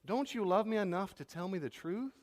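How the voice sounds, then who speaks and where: A man's voice: sits high, animated, fairly quick, big-room sound, voice pushed up. A man voicing an exasperated, indignant spouse who accuses and scolds.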